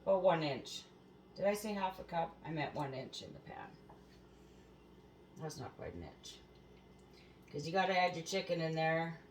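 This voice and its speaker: A woman's voice: sits low, big pitch swings, normal speed, pauses often, slight background noise, poor audio. A woman hosting a home cooking show, chatting casually in her kitchen, swearing freely and laughing at her own stories.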